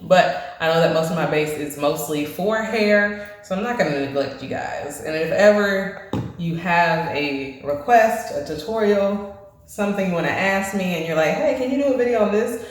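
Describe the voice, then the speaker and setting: A woman's voice: lowish voice, moderate pace, a little hiss or hum. A woman vlogging about her hair in a chatty, conversational way, a little out of breath. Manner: chatty and conversational, full of fillers. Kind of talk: casual chat. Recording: very echoey room, faint music.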